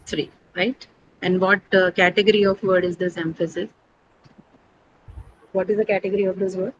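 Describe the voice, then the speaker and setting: A woman's voice: medium pitch, normal speed, muffled recording. A woman teaching an online pronunciation lesson. She explains step by step, asks questions and answers them herself, and repeats key words for emphasis. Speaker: English teacher. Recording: steady background noise.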